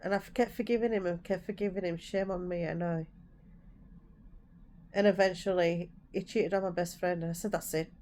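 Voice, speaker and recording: A woman shares her story in a candid personal vlog. Her voice sits low for a woman and sounds warm and soft rather than bright. She talks frankly and earnestly, and sometimes heats up as she recalls her own words. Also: fairly even intonation, normal speed, a little hiss or hum. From Yorkshire, England. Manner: frank and heartfelt, retelling her own past words with heat. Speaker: vlogger.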